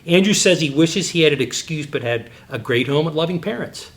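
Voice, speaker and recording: A middle-aged man speaking a little fast gives a Christian apologetics teaching talk. He tells animated, digressive personal stories, with his pitch suddenly jumping.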